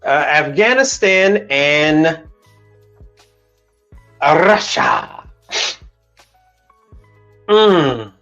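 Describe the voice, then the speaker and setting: A man's voice: fairly high pitch, lively intonation, unhurried, highs cut off, soft background music. A middle-aged man hosting a livestream, talking bluntly with lots of cursing and arguing back at his chat. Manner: blunt, profane, argumentative, talks back to chat. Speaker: livestream host. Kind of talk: casual livestream rant. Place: Houston, Texas.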